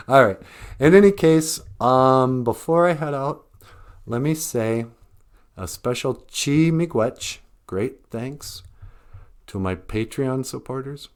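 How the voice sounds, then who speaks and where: A man's voice: mid-range voice, slow, pauses often. A man hosting a language show, talking casually to viewers with frequent laughs and joking asides. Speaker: host of an Ojibwe language show. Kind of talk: casual talk to camera.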